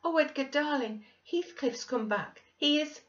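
A woman voicing an impetuous, excitable young mistress who talks breathlessly and eagerly. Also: lowish voice, normal speed, creaky. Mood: overjoyed. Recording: dull lo-fi recording.

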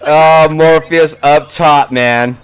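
A Californian friend in a group chat who talks slowly and teases others. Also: mid-range voice, steady tone, clear, resonant tone, soft background music. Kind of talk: casual chat.

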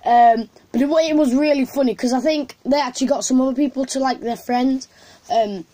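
Woman, fairly high voice, chatty vlog storytelling, rambling, lots of ums. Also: a little fast, dark tone. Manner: rambling, many fillers and restarts. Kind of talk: casual storytelling to camera.

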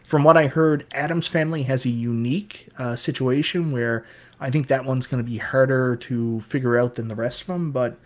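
A man with a strong Newfoundland accent chats casually as a co-host on a hobby podcast. He talks in an easygoing, joking way and pokes fun at himself. His voice sits at a middling pitch. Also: steady tone, normal speed. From Newfoundland, Canada. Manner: chatty, joking, self-deprecating.

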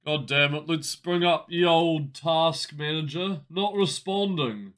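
A man's voice: a little high, slow pace, few pauses, fairly bright tone. A man casually commenting while he plays a game live, with wry, chatty reactions. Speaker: game streamer.

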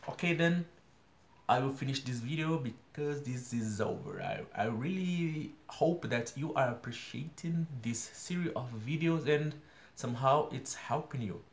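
A man's voice: mid-range voice, expressive. Brazilian man in a roomy echo. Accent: Brazilian Portuguese. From São Paulo, Brazil. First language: Portuguese. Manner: earnest, repeats points slowly with examples. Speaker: English learner vlogger. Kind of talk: daily practice video explaining grammar.

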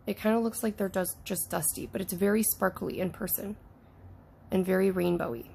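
A woman chatting casually as she unboxes toys, gushing and excitable, often talking to the toys and sometimes dropping into soft whispers. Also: medium pitch, a little fast, creaky, a little hiss or hum. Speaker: toy unboxing YouTuber.

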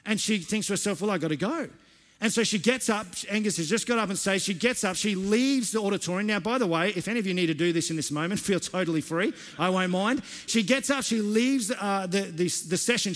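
A man's voice: high-pitched, a bit bright. A man preaching a sermon, telling stories conversationally with frequent restarts. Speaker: pastor. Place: church hall. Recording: long echo of a church hall.

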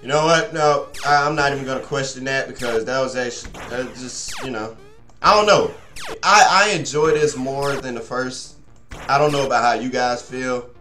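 A man's voice: mid-range voice, normal speed, bright, forceful tone. A young man grumbles and curses through a let's play, rambling on to his viewers as he goes. His voice sits in a middling register and bounces around an echoey room. Faint game music plays underneath. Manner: frustrated, swears a lot, rambles to viewers. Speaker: gaming channel host.

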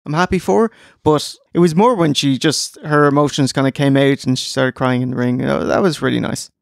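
A man's voice: medium pitch, fairly even intonation, fairly quick, gravelly, no room sound, studio quality. A young Irish man co-hosting a casual wrestling podcast late at night, joking and enthusiastic, tired from the early hour. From Ireland. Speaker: podcast co-host.

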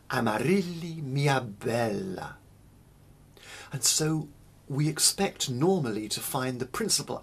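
A man teaching early music in a slow, deliberate spoken lecture, stressing single words and pausing between them. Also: mid-range voice, slightly rough.

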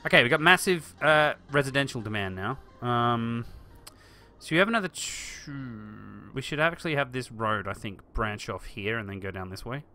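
With a mid-range, expressive voice and a sharp tone, an Australian man speaks at normal speed over faint background music. He offers laid-back live-stream commentary on a city-building game, thinking aloud and responding to viewers.

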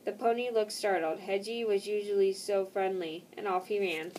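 A woman reading a children's picture book aloud, slow and careful, stopping now and then for casual asides. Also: mid-range voice, fairly even intonation, darkish tone, recorded from a distance, slight background noise, rough recording.

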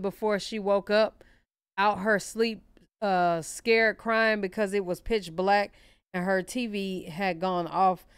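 A woman hosting a live reaction stream, blunt and profane, laughing and talking loudly over the clips. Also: on the low side, smooth, no echo, studio quality. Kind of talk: casual reaction commentary.

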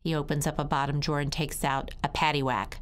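A woman voicing a signed story as an interpreter, in slow, emotive first-person storytelling with dramatic pauses. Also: sits low, flat delivery. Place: conference hall.

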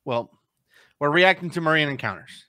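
A man's voice: a little high, animated, moderate pace, sharp tone, a little hiss or hum. A man hosting a casual reaction video, dry and exasperated with his co-host.

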